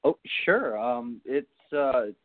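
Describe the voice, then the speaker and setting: A man, an actor guest, talking hesitantly in a casual phone interview, with many pauses and restarts. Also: medium pitch, lively intonation. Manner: hesitant, lots of ums and restarts. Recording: tinny phone line.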